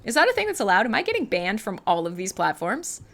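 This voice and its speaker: Canadian woman streamer, tired and high, rambling and swearing, bouncy bright voice. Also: wildly swooping pitch, fast talker, gravelly. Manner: rambling, giggly, profane, self-mocking. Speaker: livestream host. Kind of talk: casual livestream chat.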